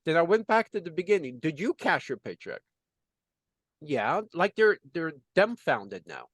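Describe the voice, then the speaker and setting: A man's voice: fairly high pitch, sing-song, moderate pace, fairly bright tone, no echo. A man working as a business consultant, telling a story in conversation and acting out the dialogue with lots of "you know" fillers.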